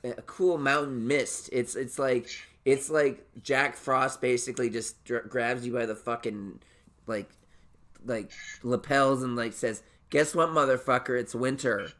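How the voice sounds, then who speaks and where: A man's voice: mid-range voice, fairly even intonation, measured pace, fairly bright tone. Rambling, profane man hosting a chat. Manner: rambling, profane, filler-heavy, laughing often. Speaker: podcast host. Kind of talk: casual podcast chat.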